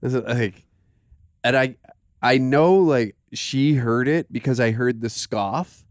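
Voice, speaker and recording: Crude storytelling man, smooth voice. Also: mid-range voice, takes it slowly, dry recording, clean studio sound. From Canada. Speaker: podcast host. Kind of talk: casual comedy podcast chat.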